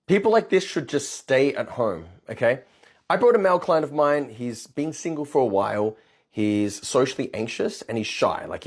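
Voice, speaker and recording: Husky, animated man telling a story bluntly. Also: medium pitch. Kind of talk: storytime rant.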